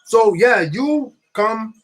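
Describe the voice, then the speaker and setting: A man imitating an Italian male police officer who is curt and insistent, in a mock Italian accent and halting English. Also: high voice, expressive, a bit bright, faint music behind, voice pushed up, heavily acted. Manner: broken halting English, repeats himself.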